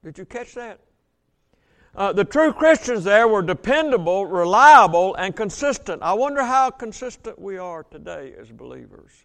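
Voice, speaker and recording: A man preaching a sermon as a Baptist pastor, reading scripture aloud, slowing on key words and asking the congregation questions. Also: sits high, sing-song, vocal fry, a bit bright. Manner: reads scripture aloud, slows for emphasis, asks congregation questions.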